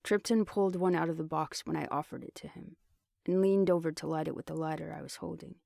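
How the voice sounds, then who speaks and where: A man narrating an audiobook in the first person, telling the story at a steady pace. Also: a little high, fast, gravelly, dry recording, clean studio sound. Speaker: audiobook reader.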